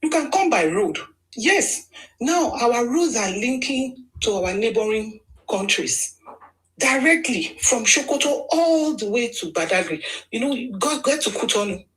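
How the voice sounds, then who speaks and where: A woman's voice: fairly high pitch, animated, unhurried, fairly bright tone, rough recording. A woman with a Nigerian accent, giving an emphatic, argumentative political monologue in a casual style with frequent restarts. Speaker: political commentator.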